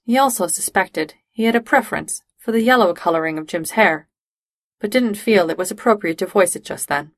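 A woman reading fan fiction aloud in a steady, measured storytelling voice. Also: medium pitch, no echo. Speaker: reader.

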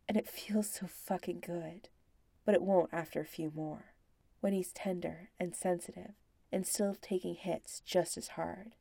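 A woman narrating a scripted story in a slow, hushed, intimate voice that slips into whispers. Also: on the low side, creaky, no room sound.

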